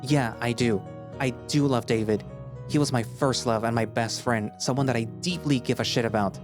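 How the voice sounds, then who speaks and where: A man's voice: mid-range voice, normal speed. A man reading as an earnest anthro narrator. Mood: passionate. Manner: earnest and expressive, rising to anger. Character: emotional young male anthro narrator, open-hearted. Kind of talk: first-person dramatic audio story reading. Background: background music.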